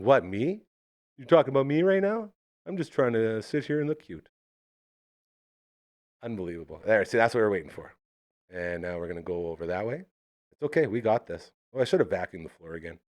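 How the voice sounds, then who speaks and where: A man hosting a live podcast in a chatty, animated way, talking to his dog between segments. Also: mid-range voice. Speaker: host.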